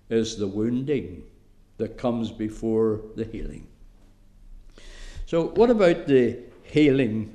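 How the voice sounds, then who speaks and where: Slow, deliberate Irish preacher man. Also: mid-range voice, mellow. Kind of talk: sermon.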